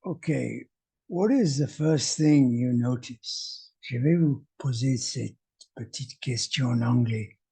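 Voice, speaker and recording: A male English teacher presenting a video lesson at a slow, deliberate pace. His voice is mellow and a little husky, and his manner is wry. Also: mid-range voice.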